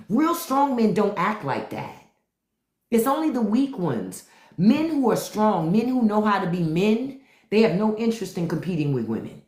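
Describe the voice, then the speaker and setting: A woman's voice: mid-range voice, a little mellow. A woman hosting a live stream, ranting bluntly and profanely and mocking the people in her chat. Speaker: podcast host on a live stream. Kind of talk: unfiltered live-stream rant. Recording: echoey room.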